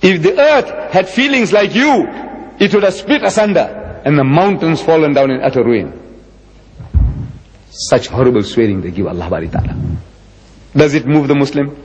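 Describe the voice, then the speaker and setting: Animated old man lecturing in a hall. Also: normal speed, long pauses. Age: 70s. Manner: emphatic, rhetorical, with dramatic swings in pitch. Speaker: religious lecturer. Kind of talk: public lecture. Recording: dull lo-fi recording with long hall reverb.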